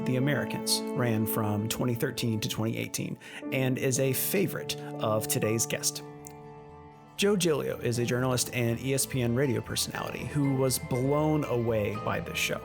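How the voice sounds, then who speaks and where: A man's voice: mid-range voice, vocal fry. A man hosting a podcast, talking in a casual, playful way and laughing at himself. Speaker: podcast host. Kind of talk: casual podcast intro and interview. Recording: music bed under the voice.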